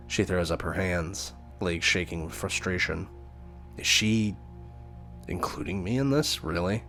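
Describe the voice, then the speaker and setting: A man reads a story game aloud, narrating with relaxed side comments. His voice sits very low and he speaks slowly. Faint music plays underneath. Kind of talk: reading a visual novel aloud.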